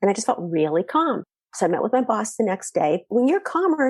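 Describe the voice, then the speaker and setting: A middle-aged woman from the Boston area, a mindset coach telling stories as a guest in a chatty, animated way. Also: mid-range voice, fairly quick, few pauses, breathy edge, no echo. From Boston area, USA. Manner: animated, chatty, frequent fillers. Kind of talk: conversational storytelling.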